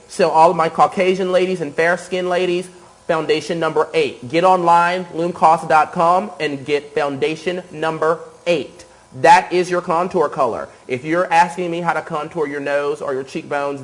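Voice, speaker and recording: A man's voice: a little high, poor audio. A man giving a live makeup tutorial, enthusiastic and repetitive, often checking in with "okay?". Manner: enthusiastic, repeats cues and says okay often. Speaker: makeup artist demonstrating airbrush.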